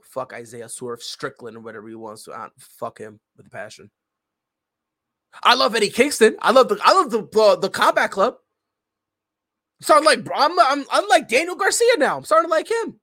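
A man's voice: very high voice, pushed and bright. A young adult man hosting a podcast, ranting in a profane, fired-up, slangy way. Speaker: podcast host. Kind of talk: opinionated casual podcast rant.

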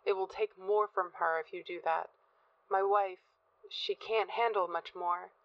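A woman's voice: medium pitch, fairly even intonation, a little slow, no room sound, recorded from a distance, lightly acted. A woman voicing a frantic, terrified middle-aged husband who pleads in a manic, desperate rush. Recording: dull, dry, lo-fi sound.

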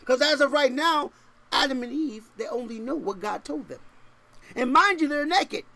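A male pastor preaching a sermon, emphatic, swinging from loud stressed points to quiet asides and often checking in with rhetorical questions. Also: normal speed. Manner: shifts between raised, forceful stresses and low, quiet asides.

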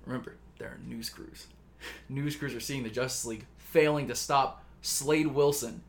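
A man chats casually, telling a long story with plenty of swearing. He rambles and jumps in to act out the characters' lines. His voice sits at an ordinary middle pitch. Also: steady tone, moderate pace, slight background noise. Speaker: podcast co-host pitching a story.

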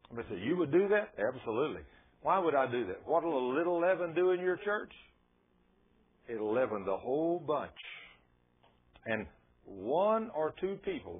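A man's voice: a little high, husky. An older man preaching a sermon, telling folksy stories and asking the congregation rhetorical questions. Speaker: pastor. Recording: tinny lo-fi radio broadcast.

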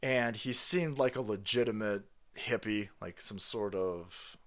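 A man hosting a live stream, ranting crudely and excitably, with sudden loud bursts and fast runs. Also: fairly low pitch. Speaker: livestream host. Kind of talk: profane political rant stream.

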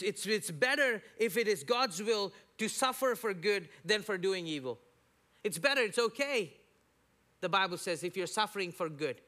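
A man's voice: high-pitched, sharp tone. A middle-aged male pastor giving a conversational sermon, often repeating words as he tells personal stories.

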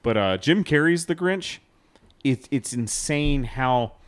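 A man in his thirties co-hosts a podcast, chatting casually and rambling with many fillers and restarts. His mid-range voice is smooth and animated, though he speaks slowly.

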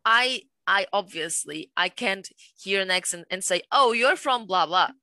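Bright-voiced woman guest, non-native English. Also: medium pitch, lively intonation, measured pace, dry recording. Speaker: podcast guest. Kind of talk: casual conversational chat.

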